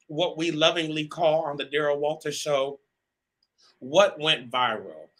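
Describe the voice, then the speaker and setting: Guy hosting a live talk show, bright voice, talks right to the viewers, lots of ums. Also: fairly high pitch, a little slow, low-quality recording. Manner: chatty, addresses viewers directly, many um fillers.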